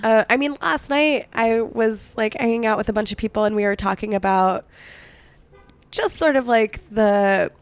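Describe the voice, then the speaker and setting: Casting note: woman podcast co-host, hoarse and fading, smooth but dry close-mic sound, chatty and indignant. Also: on the high side, normal speed, no echo. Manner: chatty, many "like" fillers, indignant asides. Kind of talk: casual chat, telling history.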